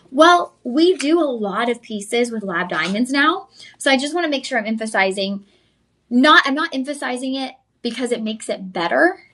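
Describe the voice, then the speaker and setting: A young woman, hosting a live shopping channel and pitching jewelry with chatty enthusiasm straight to viewers. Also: lively intonation, normal speed, a bit bright.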